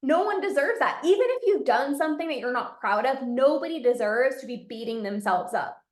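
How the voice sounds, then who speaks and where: A binge eating coach hosts a solo podcast in an echoey room, speaking earnestly and encouragingly. Her voice is fairly high, animated and brisk, and she acts out inner voices.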